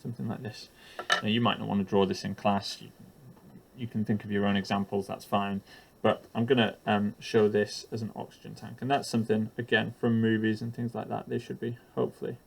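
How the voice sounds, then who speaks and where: Gravelly man teaching with lots of ums. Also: on the low side, flat delivery, fairly quick. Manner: hesitant, lots of ums and uhs, self-deprecating. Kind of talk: teacher-training lesson explaining while drawing.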